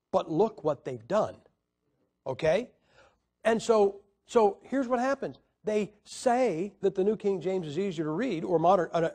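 A man teaching about Bible translations in an argumentative way, asking rhetorical questions and pausing on fillers. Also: sits high, darkish tone. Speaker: preacher.

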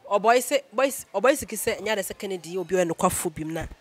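A man hosting a casual political chat, talking quickly and prodding his co-host with questions. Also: sits high, animated.

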